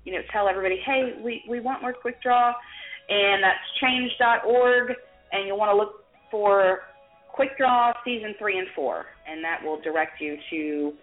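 A woman's voice: medium pitch, moderate pace, soft background music. Rambling woman hosting a drinking trivia show. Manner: rambling, folksy, with frequent ums and uhs. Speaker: game show host and quizmaster. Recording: tinny lo-fi sound in an echoey room.

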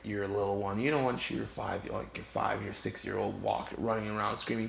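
A tired man spins a comic tale in a very gravelly voice, stumbling over his words and circling back. His voice rings around a bare room with faint hiss underneath. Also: lowish voice, big pitch swings. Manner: rambling and halting, full of fillers and restarts. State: tired and yawning. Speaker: comedic storyteller. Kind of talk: improvised comedic monologue. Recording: echoey room with faint noise.

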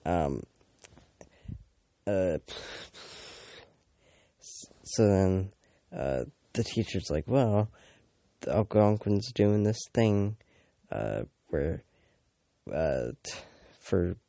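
Gravelly, drawling teenage boy ranting. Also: low-pitched, expressive, very slow, long pauses, mellow, dry recording. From Canada. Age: teens. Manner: rambling, filler-heavy, swears often, mocking asides. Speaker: vlogger. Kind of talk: casual rambling storytime.

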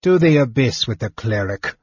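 A man playing a scheming dragon, irritable, snarling, husky, dull lo-fi. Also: mid-range voice, lively intonation, normal speed, dry recording. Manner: snarling and impatient.

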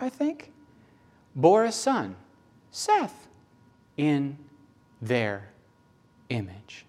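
A man with a Southern US accent preaching a sermon, animated and folksy, acting out little voices and jokes. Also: a little high. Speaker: pastor.

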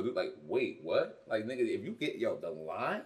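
A man's voice: fairly low pitch, very animated, normal speed. A man co-hosting a casual podcast, telling profane anecdotes.

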